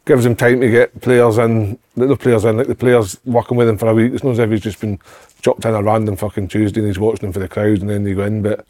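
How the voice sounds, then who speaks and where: A man's voice: fairly low pitch, level tone, fast, dark tone. A Scottish man co-hosting a podcast, talking football in a blunt, sweary way and often restarting his sentences. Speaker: podcast co-host, youth coach. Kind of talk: casual football chat.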